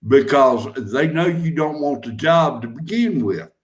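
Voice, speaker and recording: A man's voice: fairly high pitch, expressive, echoey room. A man with a Southern accent who hosts a casual chat and talks bluntly, often laughing. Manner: slow drawl, laughing, blunt.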